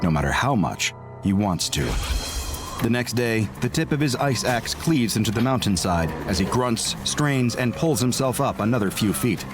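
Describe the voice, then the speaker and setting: A man narrating a scripted dark story in a measured, building storyteller's manner. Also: medium pitch, lively intonation. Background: music.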